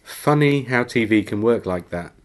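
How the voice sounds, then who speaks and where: A podcast host reading a listener's email aloud in casual chat, with chatty, self-mocking asides and easy laughter. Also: male voice, mid-range voice, lively intonation, normal speed.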